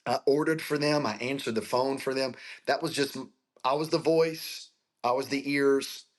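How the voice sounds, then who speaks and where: A man's voice: mid-range voice, fairly even intonation, moderate pace. A man in his forties from Florida, a pastor telling his life story as an interview guest, earnest and emotional, speaking over a video call. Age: 40s.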